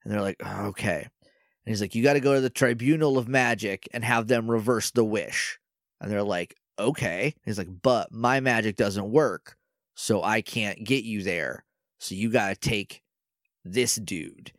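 A man's voice: fairly low pitch, moderate pace, no room sound, clean studio sound. A man co-hosting a podcast, casually recapping a show episode and acting out characters' lines with jokes. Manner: retells scenes by acting out lines, joking. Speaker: podcast co-host.

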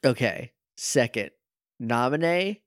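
A man's voice: mid-range voice, expressive, slow pace, no echo, studio quality. A man co-hosting a podcast, making wry jokes and asking puzzled questions in casual chat. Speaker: podcast co-host.

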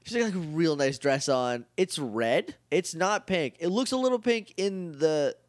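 A man is co-hosting a casual podcast, recapping a show with a friend. His voice sits a little high and swings up and down a lot, and he is full of "like" fillers. The room is dry and close. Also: no room sound. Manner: animated, quick, lots of "like" fillers. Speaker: podcast co-host.

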